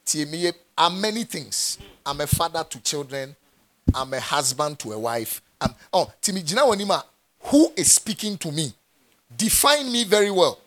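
A man's voice: a little high, very animated, normal speed, a bit bright. A man with a Ghanaian accent, a pastor preaching a sermon with emphatic repetition. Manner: emphatic, repeats phrases for stress.

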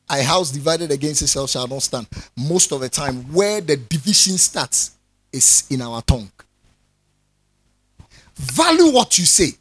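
Lively high-voiced man preaching. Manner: animated preaching, jokes with the congregation, calls for responses. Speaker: pastor. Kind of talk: sermon.

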